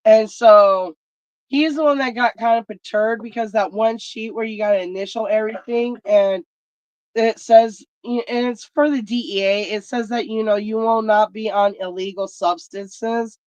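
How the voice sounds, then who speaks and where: A woman's voice: on the high side, steady tone, normal speed, darkish tone, no room sound. A woman telling stories in a blunt, profane casual rant. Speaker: vlog host. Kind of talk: casual ranting chat. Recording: dry, dull lo-fi sound.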